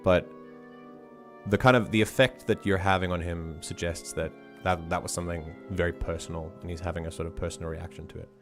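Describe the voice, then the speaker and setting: A man's voice: low voice, fairly even intonation, fairly quick, soft background music. A man narrating as game master of a tabletop game, hesitant with many fillers.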